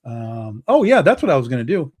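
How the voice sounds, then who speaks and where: Man, mid-pitched voice, relaxed, lots of ums, comic publisher guest, video call. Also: brisk, slightly rough. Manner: relaxed, filler-heavy, many restarts. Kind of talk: casual chat.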